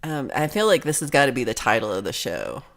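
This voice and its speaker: A woman's voice: a bass voice, very animated, quick pace, a bit bright. A woman hosting a casual livestream chat, reading viewer comments aloud and reacting with giggles and chatty asides. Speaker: livestream host.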